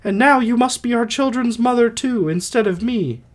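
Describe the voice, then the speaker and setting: A dying young queen speaks her farewells in a soaring falsetto, tender and resigned, well above a man's own register, as a male audiobook reader puts her on. The voice is pushed up high and is noticeably louder than his narration. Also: normal speed. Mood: tender, fading. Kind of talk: amateur audiobook reading.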